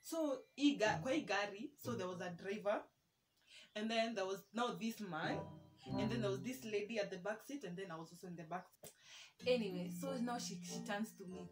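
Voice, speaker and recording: A woman's voice: medium pitch, a little fast. A young Kenyan woman with a Kenyan accent telling a storytime vlog, chatty and self-mocking, dropping Swahili words into her English. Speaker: vlogger. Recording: music playing underneath.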